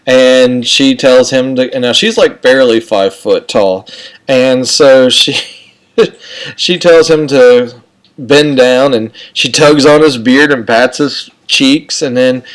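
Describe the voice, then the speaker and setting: A man telling a personal story in a loose, rambling, chatty way, full of "okay" and "and so". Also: mid-range voice. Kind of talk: casual spoken anecdote.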